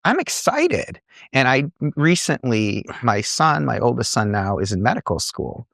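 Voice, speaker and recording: A middle-aged man, an entrepreneur and coach, telling earnest, animated stories in a podcast conversation. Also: medium pitch, moderate pace, creaky, dry recording, studio quality. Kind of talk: conversational storytelling.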